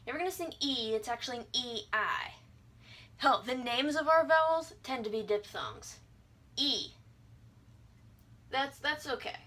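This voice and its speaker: A woman's voice: sits high, lively intonation, normal speed, long pauses, sharp tone. A young adult woman giving a casual video lesson, breezy and irreverent, sounding out vowels and words as she explains. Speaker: language teacher.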